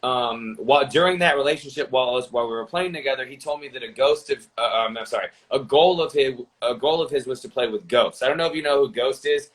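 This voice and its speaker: A young man chats casually as a podcast guest, telling stories about his streaming work. His voice sits at an ordinary middle pitch. He rambles and restarts sentences often. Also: fast talker, few pauses, poor audio. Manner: rambling, lots of fillers and restarts.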